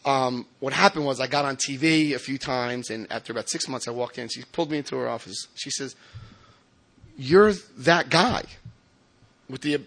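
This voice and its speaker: A man from New Jersey telling his recovery story to a meeting, animated and self-mocking, with laughs and restarts. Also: mid-range voice, fast talker, gravelly, hardly any pauses. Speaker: recovering alcoholic speaker.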